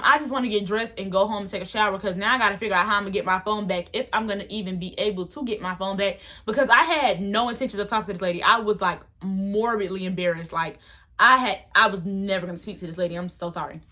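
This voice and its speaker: A young woman telling a storytime vlog story in an animated, dramatic, slangy way. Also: medium pitch, fast talker. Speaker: vlogger.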